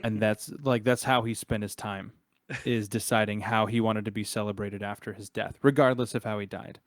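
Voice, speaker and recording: Guy narrating a tabletop game, smooth voice, super dry mic, lots of uhs and restarts. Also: on the low side, steady tone, no room sound. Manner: halting, many fillers and restarts. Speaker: game master.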